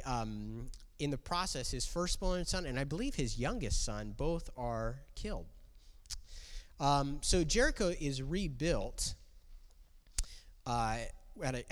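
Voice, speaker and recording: In a church, a pastor preaches a sermon conversationally, putting questions to the congregation. His voice is on the high side with a fairly bright tone, carried by the long reverb of a church hall.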